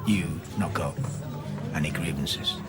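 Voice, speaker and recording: An actor playing a smug boss, chatty then quietly threatening. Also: male voice, a bass voice, a little slow, loud music behind the voice. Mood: jovial. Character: smug boss turning menacing.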